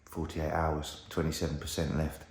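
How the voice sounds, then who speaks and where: A man's voice: rumbling low, completely flat delivery, moderate pace, slightly rough. A man chatting casually to an action camera while out running, a little out of breath at times. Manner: chatty, talks straight to camera. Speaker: tech reviewer. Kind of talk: casual vlog chat. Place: outdoors on a run. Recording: outdoor noise and wind.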